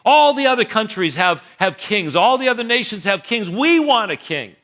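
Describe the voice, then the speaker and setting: A man's voice: high-pitched, sing-song, moderate pace, fairly bright tone, voice pushed up, full character voice. A man acting out a fed-up crowd of villagers demanding a king in a whiny, insistent tone.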